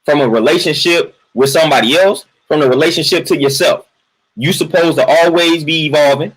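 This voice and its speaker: The livestream host's voice is husky, fairly high in pitch and fairly quick, and the audio is poor. In his casual venting monologue, he repeats himself emphatically, tags lines with "man," and welcomes chat viewers between points.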